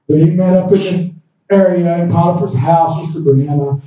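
A man preaching a youth sermon, acting out biblical characters and rising to shouts. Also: high-pitched, fairly even intonation, moderate pace. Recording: roomy echo, distant mic, dull sound.

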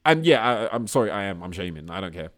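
A man co-hosting a podcast in casual, swearing chat, often laughing. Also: fast. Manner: laughing, swearing, animated retelling with squealing high put-on voices. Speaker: podcast co-host.

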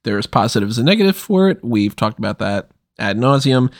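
Dry-sounding podcast host, under the weather. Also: male voice, mid-range voice, sing-song, brisk, no echo. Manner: wry, deflated complaining. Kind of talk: casual podcast chat.

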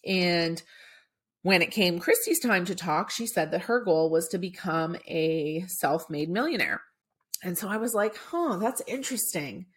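A woman with a somewhat low voice hosts her podcast, telling a personal story in a loose, chatty way. She leans on filler words and sometimes sounds choked up with emotion. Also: a little slow, a bit bright. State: choked up at times. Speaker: podcast host. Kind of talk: casual storytelling monologue.

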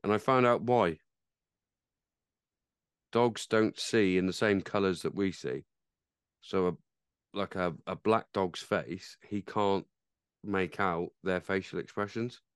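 A man's voice: low-pitched, slow, pauses often, clear, resonant tone, no echo, studio quality. A man hosting a casual pub-style podcast, chatty and swearing freely, with frequent restarts. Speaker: podcast host.

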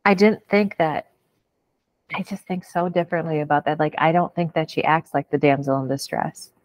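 Woman host, blunt and frank, swears freely, deep voice, dry close sound. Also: fairly even intonation, normal speed, dry recording. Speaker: podcast host. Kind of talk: casual reality-show recap chat.

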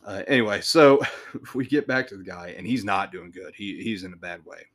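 A man's voice: low-pitched, moderate pace. A man hosting a podcast, telling a work story in a casual, rambling way with swearing, restarts and chuckles.

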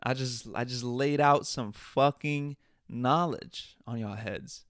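A man mockingly doing an impression of a smug woman politician who brags about getting high. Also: slow, a bit bright, no echo, clean studio sound.

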